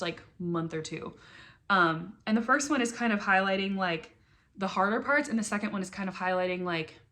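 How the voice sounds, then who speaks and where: A young woman talking candidly in a personal vlog about new motherhood, earnest and emotional, with many fillers and soft laughs, then reading her own poetry. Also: medium pitch. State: emotional, near tears. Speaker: vlogger.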